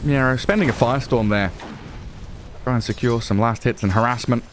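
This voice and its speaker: A man with a Northern English accent giving lively play-by-play commentary on an esports match, excitable and quick to laugh. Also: medium pitch, slight background noise. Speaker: esports caster. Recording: music playing underneath.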